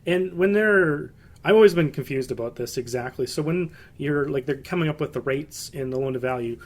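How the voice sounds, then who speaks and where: Canadian host asking meandering questions. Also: male voice, a little high, fairly quick. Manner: hesitant, meandering questions with many "like"s. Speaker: podcast host. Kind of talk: casual podcast interview.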